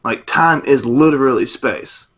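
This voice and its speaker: A man's voice: mid-range voice, a little slow, fairly bright tone. A young man co-hosting a casual podcast chat over a video call, joking and laughing often. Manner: laughs a lot, loose and joking. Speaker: podcast co-host. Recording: dull lo-fi call audio.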